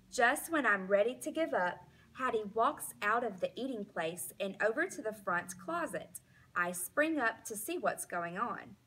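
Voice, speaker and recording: A woman teacher reading a children's storybook aloud in a slow, expressive way. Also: mid-range voice, slightly rough.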